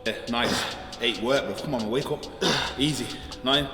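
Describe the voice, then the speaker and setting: A man's voice: mid-range voice, unhurried. Man coaching in an echoey gym. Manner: relaxed, chatty coaching with many ums. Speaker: bodybuilder. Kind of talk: gym workout tutorial. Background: music playing.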